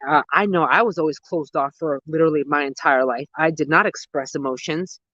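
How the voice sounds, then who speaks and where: A gardening host in their thirties, chatting casually with live viewers outdoors at dusk. They ramble excitedly and use a lot of slang. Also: mid-range voice, fairly quick, no echo, dull audio. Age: 30s. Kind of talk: casual live-stream chat answering viewers.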